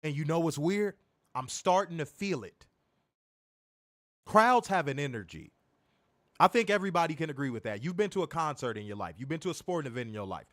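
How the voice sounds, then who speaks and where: Animated high-pitched man ranting. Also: a little fast, long pauses, dry recording, studio quality. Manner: animated, mimics voices, swears a lot. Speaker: wrestling review show co-host. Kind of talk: casual profane podcast banter.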